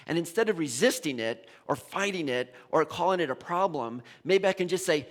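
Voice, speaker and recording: Animated, high-voiced male minister. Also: normal speed, hardly any pauses. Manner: animated storyteller, repeats and restarts words. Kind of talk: conversational sermon.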